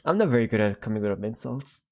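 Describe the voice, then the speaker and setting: A man's voice: lowish voice, expressive, fast talker, creaky, darkish tone. A young man chatting casually on a live art stream, rambling and self-deprecating and reading out viewers' chat.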